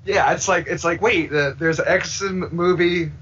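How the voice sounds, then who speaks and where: Lively rambling man, lo-fi sound. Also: sits high, normal speed, husky. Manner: rambling, acts out quoted voices. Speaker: filmmaker guest. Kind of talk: casual podcast chat. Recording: dull lo-fi sound.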